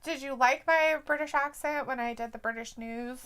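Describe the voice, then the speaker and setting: A woman's voice: sits high, moderate pace, a bit bright, clean tone. A woman co-hosting a live watch-along stream, chatting casually, reading comments aloud and laughing often.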